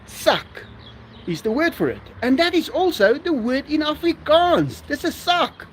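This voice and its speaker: A man's voice: very high voice, very animated, measured pace, a little hiss or hum. A man, hosting a live stream in casual chat and answering viewers, laughing often.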